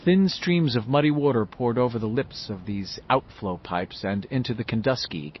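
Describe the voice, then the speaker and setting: A man narrating an audiobook with expressive storytelling. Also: mid-range voice, moderate pace, a little hiss or hum. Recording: slightly muffled, dull audio.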